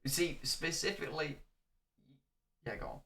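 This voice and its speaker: A man's voice: on the high side, moderate pace, creaky, sharp tone. A man chatting as a guest on a drinking stream, rambling loosely and swearing freely. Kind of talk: casual chat on a drinking stream.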